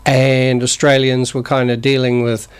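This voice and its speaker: A man's voice: medium pitch, little pitch movement, moderate pace, smooth. A man in his sixties, born in the north of England and raised in New Zealand, chatting in a rambling, jokey way as a studio guest. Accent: New Zealand with northern English traces. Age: 60s. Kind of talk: casual chat. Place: community TV studio.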